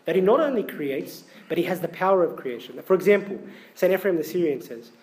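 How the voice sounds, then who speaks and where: Male preacher, high voice, conversational sermon, asks the congregation questions. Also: expressive, fairly quick, darkish tone. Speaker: priest.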